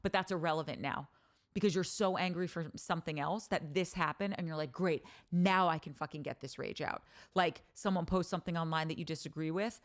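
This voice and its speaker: A woman with a somewhat low voice hosts her podcast in a casual monologue. She tells stories candidly and with animation, swears freely and restarts her sentences often. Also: fairly quick. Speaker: podcast host.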